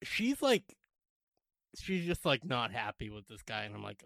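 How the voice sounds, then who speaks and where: A man's voice: medium pitch, normal speed, creaky, no echo. Man telling a story on a podcast. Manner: animated storyteller, acts out quoted people, swears casually. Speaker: podcast co-host. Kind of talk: casual storytelling chat.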